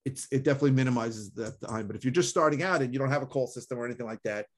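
A man's voice: mid-range voice, rapid-fire. A man, co-hosting a casual podcast conversation and telling stories animatedly, acting out callers. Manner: animated storyteller, acts out callers. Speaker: podcast co-host.

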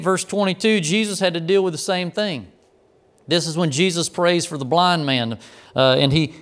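A man preaching a sermon, telling a story and acting out its quoted lines, moving between loud commands and quiet asides. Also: fairly high pitch. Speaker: pastor.

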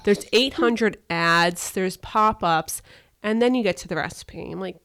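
Young woman with a smooth, clear voice. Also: medium pitch, measured pace, fairly bright tone, no room sound, studio quality. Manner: chatty, swears casually. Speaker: podcast co-host. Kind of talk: casual chat.

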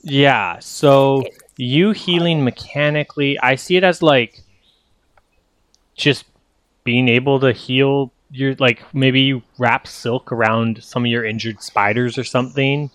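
Relaxed, rambling game master man. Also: medium pitch, unhurried, dry recording. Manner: relaxed, rambling explanations with fillers. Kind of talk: running a tabletop game.

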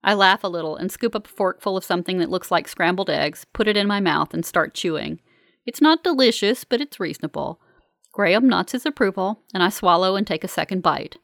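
A woman's voice: lowish voice, expressive, fairly quick, creaky, a bit bright, dry recording. Dry woman reading a first-person novel. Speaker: audiobook narrator. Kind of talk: first-person scripted narration.

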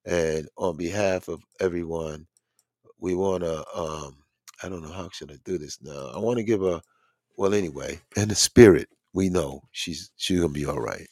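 A man's voice: deep voice, moderate pace, a little mellow, dry recording, studio quality. A middle-aged man hosting a show, telling a story in a casual, rambling monologue with blunt, profane street talk. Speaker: podcast host.

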